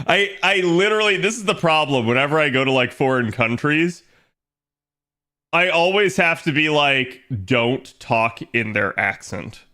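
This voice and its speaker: A man's voice: fairly high pitch, normal speed, bright, forceful tone. A man chatting casually on a livestream, rambling with lots of fillers and frequent laughter. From United States. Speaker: streamer.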